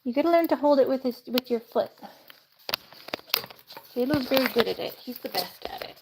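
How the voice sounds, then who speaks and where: A fairly high-pitched woman chats on a casual live stream, laughing often and slipping into baby talk with her birds. The recording carries clear background noise and bird chirps. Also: animated, moderate pace.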